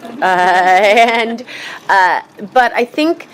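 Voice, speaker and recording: A woman's voice: medium pitch, animated, very slow, slight background noise. A middle-aged woman giving a rambling, emotional eulogy at a memorial gathering, laughing through tears. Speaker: memorial speaker. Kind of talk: personal eulogy.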